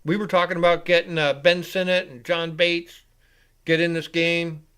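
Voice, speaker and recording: A man hosting a live reaction show, giving casual play-by-play commentary. He rambles off-topic, swears freely and gets louder and higher whenever he calls the action. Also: flat delivery, normal speed, clear, resonant tone. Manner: rambling and casual, with profanity, rising and louder when calling plays.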